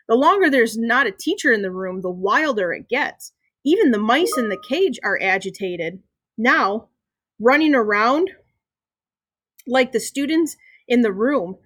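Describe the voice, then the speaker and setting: A woman's voice: fairly high pitch, a bit bright, no echo, clean studio sound. Woman reading a children's story aloud. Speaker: reader.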